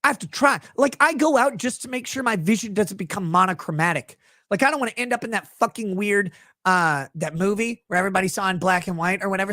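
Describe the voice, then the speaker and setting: A man's voice: high-pitched, quick pace, no room sound. Furious ranting man, dry close sound. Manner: angry, mocking, swinging between shouting and muttering. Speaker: host reacting to clips. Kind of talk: profane reaction rant.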